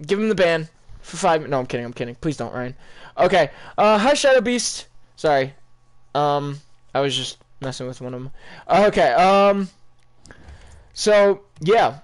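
A man's voice: fairly high pitch, lively intonation, a little slow. A young man chatting casually over his gameplay, rambling and talking straight to his viewers. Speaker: gaming YouTuber.

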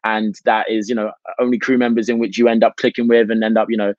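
A British man, an actor, talking through his craft at length in a relaxed interview, with frequent "you know" fillers. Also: on the low side, quick pace, dry recording, muffled recording. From United Kingdom. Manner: expansive, reflective, many "you know" fillers. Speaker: actor, guest. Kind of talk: casual interview chat.

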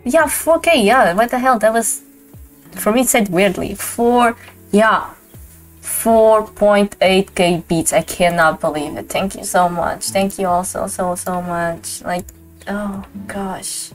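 A woman hosting a casual livestream, gushing with thanks and laughing easily. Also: mid-range voice. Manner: gushing, excitable, quick to laugh. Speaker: streamer host. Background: faint lo-fi background music.

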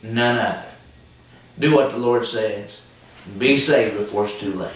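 A man's voice: lowish voice, measured pace, heavy reverb, recorded from a distance, poor audio. A man preaching a sermon, emphatic and repetitive, asking the listeners questions. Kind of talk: televised sermon.

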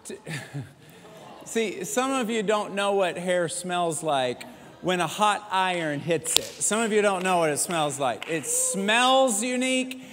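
High-voiced pastor preaching in an echoey hall. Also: male voice, slow pace, slight background noise. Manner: lively storytelling, joking with the congregation. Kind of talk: sermon. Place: large church sanctuary.

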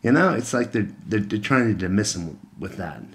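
A man's voice: on the low side, lively intonation, normal speed. A young man giving a casual vlog rant on the news, blunt and sarcastic, swearing freely. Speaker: political commentator.

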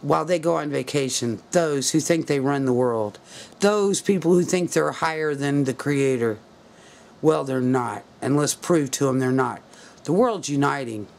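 A man's voice: medium pitch, moderate pace, gravelly. A man talking to camera in an angry, preachy rant, urging viewers to act. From United States. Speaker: video blogger. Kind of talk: impassioned political rant to camera.

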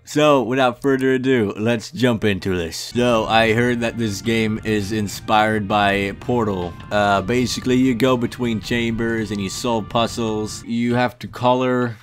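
A man's voice: on the low side, steady tone, measured pace, few pauses, soft background music. A young man giving comedic, mock-arrogant gameplay commentary, brash and swearing often. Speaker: gaming youtuber.

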